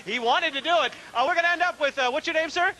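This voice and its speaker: A man hosting a TV game show in a studio with a live audience, joking quickly with contestants. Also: very high-pitched, sharp tone. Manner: quick, playful banter with contestants.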